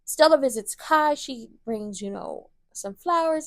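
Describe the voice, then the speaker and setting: A woman's voice: sits high, lively intonation, slow pace, no room sound, clean studio sound. A woman hosting a casual soap opera recap, blunt and opinionated, swearing freely as she retells scenes in quoted lines.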